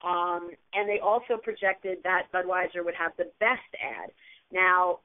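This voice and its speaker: A woman's voice: on the low side, a little slow, no echo. Woman co-hosting sports radio, phone-like sound. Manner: chatty and enthusiastic, frequent restarts. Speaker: radio show co-host. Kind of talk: casual sports radio chat. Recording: phone-like narrow band.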